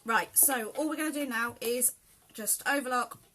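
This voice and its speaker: A woman's voice: on the high side, normal speed, bright, forceful tone. A woman from southern England with an accent mixing southern English and South Yorkshire, hosting a live sew-along tutorial and chatting to viewers by name. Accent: southern English mixed with South Yorkshire. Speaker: sewing host.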